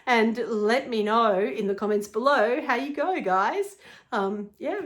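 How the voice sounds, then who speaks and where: A woman's voice: fairly high pitch, measured pace. Chatty middle-aged woman coach. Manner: chatty and upbeat, often laughing, many filler "like"s. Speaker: life coach. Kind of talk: casual talk to camera.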